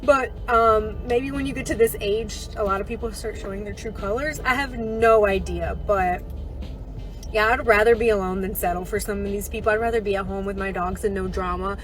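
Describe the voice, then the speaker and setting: A woman's voice: mid-range voice, brisk, faint music behind, low-quality recording. A woman in her thirties ranting candidly in a casual vlog, rambling and full of "like" fillers. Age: 30s.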